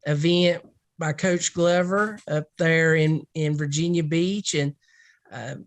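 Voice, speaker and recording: A woman's voice: deep voice, fairly even intonation, slow pace, no echo. A woman football recruiting analyst in a casual podcast discussion, rambling and thinking aloud.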